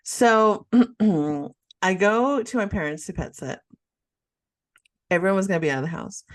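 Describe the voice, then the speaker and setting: Woman podcast host telling a wild story, dramatic, kinda low voice. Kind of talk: casual chat, storytelling.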